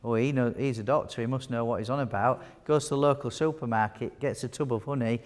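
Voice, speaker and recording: Talking at a quick pace in a mid-range voice, a man leads a live wound care teaching session as the presenter. He's chatty and jokes around while quizzing the audience in a large hall, with long reverb on the recording.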